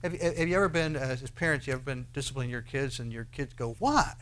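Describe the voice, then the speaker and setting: A man preaching a sermon, who swings between loud declarations and quiet asides and asks his listeners many rhetorical questions. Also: mid-range voice, fast, clear, resonant tone. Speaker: pastor.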